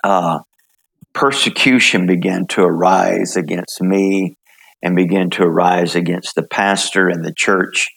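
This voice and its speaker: An older man from the United States telling his story in an interview, halting, with many fillers and restarts. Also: low voice, steady tone, creaky, a bit bright. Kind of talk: relaxed testimony in conversation.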